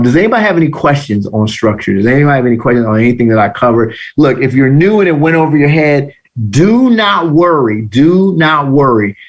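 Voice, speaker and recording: A man giving a live online trading lesson, telling animated, slangy stories. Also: mid-range voice. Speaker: trading instructor.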